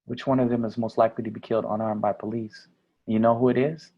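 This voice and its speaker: A man giving a conference keynote speech, energetic and asking the audience questions. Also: medium pitch, quick pace, lo-fi sound. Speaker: keynote speaker.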